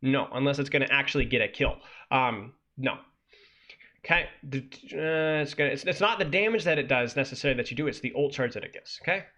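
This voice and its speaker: A man's voice: medium pitch, quick pace, bright, forceful tone. A man coaching as he reviews a gameplay guide on stream, ranting and critiquing with sudden incredulous outbursts.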